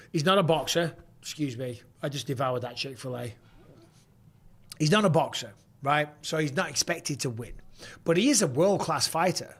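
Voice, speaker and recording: A middle-aged man with a northern English accent, hosting a live watchalong and chatting casually with viewers, blunt and quick to swear. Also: on the high side, fairly bright tone. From England. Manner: casual and blunt, swears freely, reads viewer questions aloud. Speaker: host.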